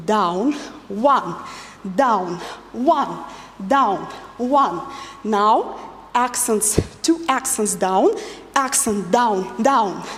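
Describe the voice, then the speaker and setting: Dance teacher lady, high voice, slow and patient, counts out loud, echoey hall. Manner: patient, counts beats aloud while demonstrating. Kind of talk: instructional dance lesson.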